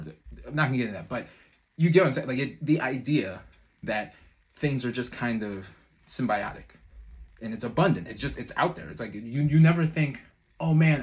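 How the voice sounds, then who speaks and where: A man's voice: mid-range voice, expressive, a little fast. A man speaking as a manifestation coach in a loose, conversational way, full of fillers and brief chuckles. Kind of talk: casual motivational talk to camera.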